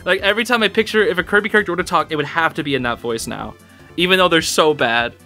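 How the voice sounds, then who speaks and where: Male podcast host, slightly high, bright voice, rambling and excitable in casual chat. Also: fast talker, soft background music. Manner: excitable, rambling, laughs often.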